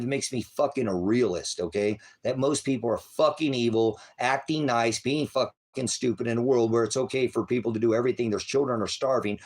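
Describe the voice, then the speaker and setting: A man preaching on a livestream, talking in a profane, aggressive, rambling rant and addressing his chat viewers. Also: mid-range voice. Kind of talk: angry rambling livestream talk.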